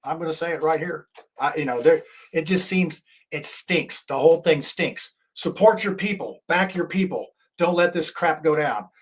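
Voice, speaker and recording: Male host, fired-up rambling commentary, somewhat high voice. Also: moderate pace, breathy edge. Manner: indignant, rambling, restarts often. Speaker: talk show host. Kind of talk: political commentary.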